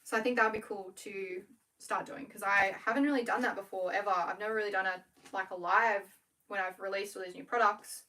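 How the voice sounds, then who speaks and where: A young woman with an Australian accent chatting casually to viewers on a livestream while she works, talking quickly and correcting herself as she goes. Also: medium pitch, fairly even intonation, pushed and bright. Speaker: small business owner livestreaming. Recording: voice a bit far from the mic.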